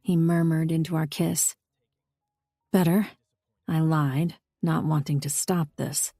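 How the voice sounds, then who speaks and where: Gravelly, dark-toned woman narrating. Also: low-pitched, little pitch movement, unhurried, dry recording, clean studio sound. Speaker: audiobook narrator. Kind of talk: scripted first-person narration.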